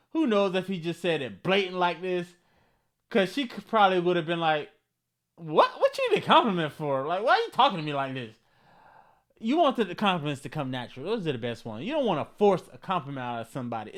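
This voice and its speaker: Animated, slangy man ranting. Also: high voice. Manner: slangy, animated, bursts of mock outrage. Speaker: vlog host reading comments. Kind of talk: comedic commentary.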